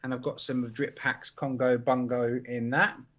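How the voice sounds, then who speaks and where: A man's voice: medium pitch, little pitch movement, moderate pace, fairly bright tone, lo-fi sound. A man chatting casually on a live stream, easygoing and talkative. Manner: easygoing, chatty gear talk.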